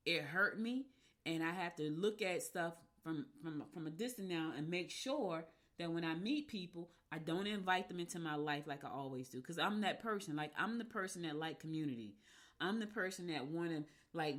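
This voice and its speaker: Candid, low-voiced woman radio host. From Newark, New Jersey. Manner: animated, candid, swears freely. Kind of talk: casual personal monologue.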